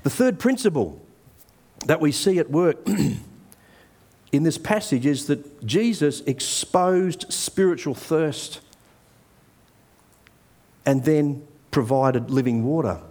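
A man's voice: a little high, expressive, slow, long pauses, a little mellow. A middle-aged man, preaching a sermon in a conversational, earnest way and telling a personal story.

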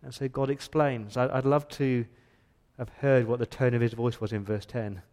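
A man's voice: medium pitch, fairly even intonation, moderate pace, darkish tone. A male pastor preaching an earnest, emphatic sermon in a church, often repeating words as he builds his point.

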